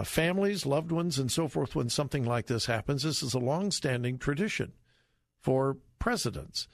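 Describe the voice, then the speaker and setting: A man's voice: a little high, no echo. Radio host guy, emphatic and indignant, voice swings way up and down, dry studio sound. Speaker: radio talk show host. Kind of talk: talk radio commentary. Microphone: studio microphone.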